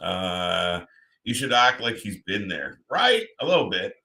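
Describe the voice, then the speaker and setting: A man reacts live as the host of a watch-party stream, his voice low yet bright and forceful. He chats loosely and turns to his viewers by name between remarks. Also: very animated, a little slow, gravelly. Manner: chatty, talks to chat viewers by name.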